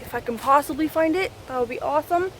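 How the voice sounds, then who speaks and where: A woman's voice: high voice, fast talker. A Canadian woman vlogging casually on a walk through the woods, out of breath and rambling with lots of fillers. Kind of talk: casual vlog chat while hiking. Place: woods outdoors. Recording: faint outdoor background noise.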